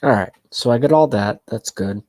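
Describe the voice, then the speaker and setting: A man's voice: mid-range voice, normal speed, dark tone. Loose-talking, profane male vlogger. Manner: loose, profane, self-mocking. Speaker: vlog host. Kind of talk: casual rambling commentary.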